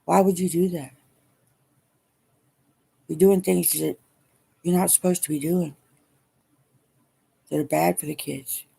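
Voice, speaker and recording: A middle-aged woman speaking haltingly and wearily in a personal video diary, emotional as she talks. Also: lowish voice, steady tone, creaky, mellow, slightly rough. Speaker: vlogger.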